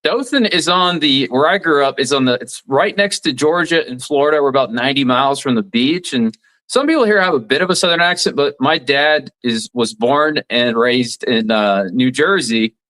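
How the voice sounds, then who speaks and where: A man's voice: medium pitch, lively intonation, moderate pace, a bit bright, rough recording. Forty-something man explaining law plainly. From southeast Alabama, USA. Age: 40s. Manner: explanatory, many restarts, plain-spoken legal analysis. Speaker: radio commentator and former attorney. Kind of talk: casual interview conversation.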